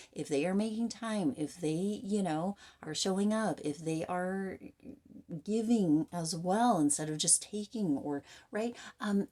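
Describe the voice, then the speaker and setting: A woman with a slightly low voice talks straight to the camera through a tarot reading. She is frank and rambling, and her sentences are full of fillers and restarts. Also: mellow. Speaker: tarot reader.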